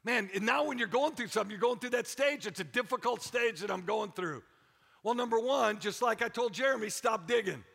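High, gravelly-voiced preacher man. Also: brisk. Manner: energetic, repeats phrases for emphasis, rallies the congregation. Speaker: pastor. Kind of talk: sermon. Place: church sanctuary. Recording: echoey church hall.

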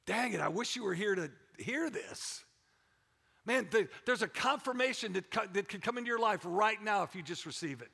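Middle-aged male pastor, energetic sermon, gravelly edge, echoey church hall. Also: sits high, moderate pace. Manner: energetic, repeats phrases for emphasis, rallies the congregation. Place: church sanctuary.

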